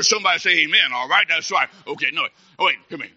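A man preaching a humorous sermon as a Baptist preacher, telling stories with mock excitement and then dropping to soft, earnest tones. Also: fairly high pitch, quick pace, few pauses, dull audio.

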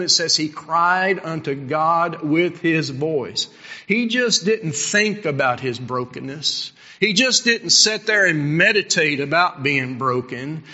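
A middle-aged man preaching a sermon as pastor, impassioned, swinging between loud appeals and hushed asides. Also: sits high, in a large hall, dull audio.

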